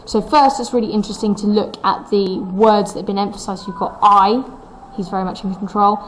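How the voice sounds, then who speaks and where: A woman giving a recorded poetry lesson, her voice pitched in an ordinary middle range. She explains a step at a time, opening points with "so" and asking rhetorical questions. She reads the lines aloud, leaning on the stressed beats, and a faint noise sits behind her. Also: steady tone, fast talker, low-quality recording. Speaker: English teacher.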